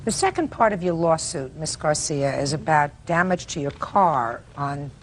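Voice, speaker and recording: A woman's voice: deep voice, very animated, normal speed, slight background noise. Blunt older woman judge, pressing hard. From United States. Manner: blunt, pressing, interrupting questions. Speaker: courtroom judge. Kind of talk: courtroom questioning.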